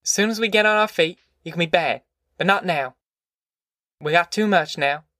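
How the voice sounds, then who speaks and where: A man's voice: high voice, moderate pace, pushed and bright, no echo, studio quality, voice pushed up. A man voicing a hardworking, firm but tender mother with a drawl. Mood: earnest coaxing. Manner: earnest, plain-spoken.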